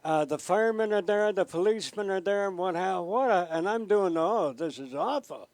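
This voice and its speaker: Gravelly older man telling stories. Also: high-pitched, a little fast, no room sound. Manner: animated storyteller who jumps between voices. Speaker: interview guest, former TV weatherman. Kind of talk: telling anecdotes in conversation.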